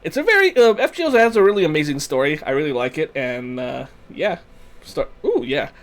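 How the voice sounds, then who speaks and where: A man's voice: fairly high pitch, very animated, a little fast. A young man hosting a game stream, chatting loosely with viewers and rambling between story lines. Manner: chatty, rambling, restarts, answers chat. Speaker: gaming channel host. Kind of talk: casual game stream commentary.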